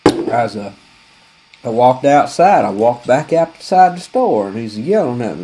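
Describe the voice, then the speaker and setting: Husky rambling man. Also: mid-range voice, expressive, moderate pace, dark tone, rough recording. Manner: folksy, profane, rambling with many fillers. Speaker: comedian telling a story. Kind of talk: rambling comic storytelling.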